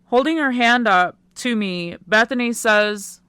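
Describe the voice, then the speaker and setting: A woman narrating a first-person teen romance audiobook in a quiet, unhurried way. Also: on the high side, clean tone, dry recording.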